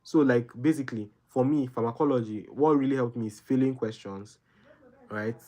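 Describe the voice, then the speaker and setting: A young man talks through study advice in a casual, conversational way. His pitch sits in an ordinary middle range, and he often repeats a phrase for emphasis or tags on "right?". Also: normal speed, a little mellow. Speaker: medical doctor and video host.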